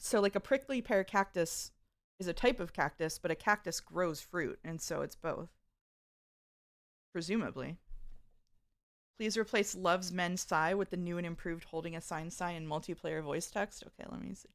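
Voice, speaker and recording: A woman's voice: lowish voice, normal speed. A woman streamer chatting casually with her viewers, reading out their messages and laughing often. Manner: reads chat aloud, chatty and giggly. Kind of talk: casual live-stream chat.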